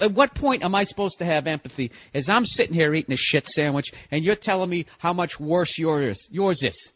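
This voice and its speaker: A male comedian rants to his listeners in a casual, exasperated monologue. His voice sits fairly high for a man, and he swears freely as he talks. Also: fairly bright tone. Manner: profane, exasperated ranting. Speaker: comedian podcast host.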